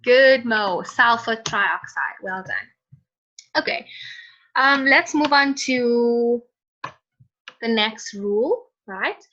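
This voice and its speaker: Teacher, woman: bright, forceful voice, patient with students, dull lo-fi call audio. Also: fairly high pitch, lively intonation, slow, long pauses. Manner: patient, prompting students by name. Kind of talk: online chemistry lesson. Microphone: computer mic on a video call.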